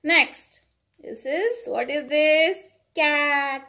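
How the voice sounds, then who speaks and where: A young woman with an Indian accent teaches little children in a sing-song voice, saying each word twice so they can repeat it. Her voice sits high and sounds bright and clear. She speaks very slowly. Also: expressive. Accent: Indian English. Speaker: pre-primary school teacher. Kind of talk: online lesson for small children.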